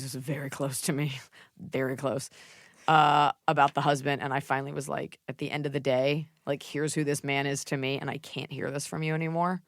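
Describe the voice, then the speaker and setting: A middle-aged woman hosting a podcast, giving blunt, jokey advice in a casual, animated way. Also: sits low, no room sound, studio quality. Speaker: podcast host.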